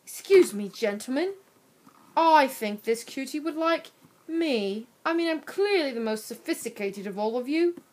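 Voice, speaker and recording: A woman's voice: high voice, expressive, measured pace, a little mellow. A woman voicing a pompous boy cootie who puts on a snooty, fake British manner. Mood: smug. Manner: snooty and put-on. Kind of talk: cartoon voice acting.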